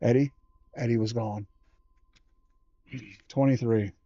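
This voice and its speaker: Male storyteller reading aloud; slow, measured, warm tone, dry muffled recording. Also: mid-range voice, steady tone, dry recording. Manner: slow, measured reading with small self-corrections. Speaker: livestream host reading a book aloud. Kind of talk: reading a children's horror book aloud.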